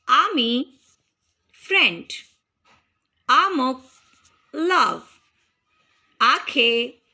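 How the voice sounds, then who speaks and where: A woman tutor with an Indian English accent, teaching a slow, careful language lesson. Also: a little high, pushed and bright.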